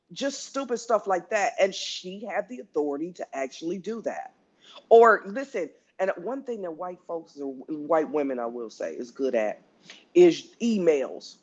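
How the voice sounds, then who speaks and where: A woman tells stories in a loose, animated way, stumbling and restarting as she goes. She acts out other people's lines as she talks. The sound is lo-fi, as from an online audio room. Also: fairly low pitch. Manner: animated, with many restarts and acted-out quotes. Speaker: guest speaker. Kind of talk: casual storytelling.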